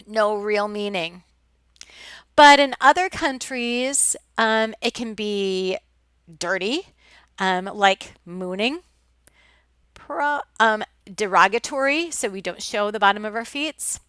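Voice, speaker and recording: Midwestern woman lecturing, smooth and dry. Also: fairly high pitch, slow, fairly bright tone, no echo. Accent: Midwestern American. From American Midwest. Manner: chatty, many ums and restarts. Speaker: college instructor. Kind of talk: recorded lecture over slides.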